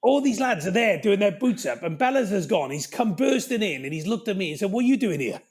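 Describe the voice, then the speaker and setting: A man in his fifties from Wales with a Cardiff Welsh accent, telling animated stories as a podcast guest. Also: sits high, fairly quick, breathy edge. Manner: animated, lively anecdote-telling with frequent "right?". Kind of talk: podcast interview storytelling.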